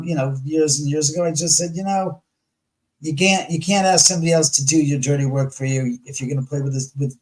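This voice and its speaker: A man with a somewhat high voice, talking as a guest in a casual, blunt and profane way. He slips into the voices of the people in his stories as he tells them, and the delivery keeps jumping around. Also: darkish tone, rough recording. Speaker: guest on a paranormal talk show. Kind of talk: casual storytelling in conversation.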